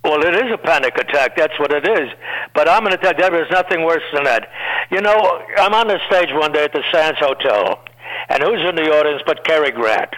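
An older man, a veteran comedian, tells stories in a high, bright voice. He rambles from one anecdote to the next and slips into quick put-on voices for the people in them. It sounds like a radio broadcast. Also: rough recording. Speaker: guest comedian. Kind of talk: storytelling interview.

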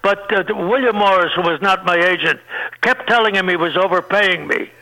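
A man's voice: high voice, normal speed, creaky, bright, forceful tone, poor audio. An older man, a comedian being interviewed, telling rambling anecdotes and laughing at his own punchlines. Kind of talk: anecdotal storytelling.

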